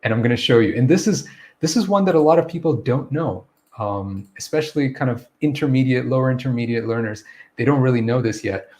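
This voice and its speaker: A man hosts a live online English lesson in an easygoing, encouraging way. He explains step by step and checks in with his viewers as he goes. His voice sits at an ordinary middle pitch for a man. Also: a little fast. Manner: relaxed, encouraging, checks in with "okay?"; greets viewers by name mid-lesson. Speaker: English pronunciation teacher.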